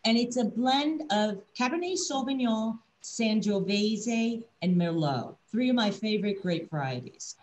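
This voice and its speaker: A woman's voice: on the high side, expressive, unhurried, hardly any pauses, darkish tone, rough recording. Winery rep, woman, video-call wine tasting, enthusiastic and explanatory. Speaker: winery representative.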